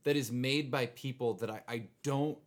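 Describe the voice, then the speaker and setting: A man co-hosting a podcast, critiquing a show in a wry, halting way with many fillers. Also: medium pitch, steady tone. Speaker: podcast co-host. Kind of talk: casual chat recapping a TV show.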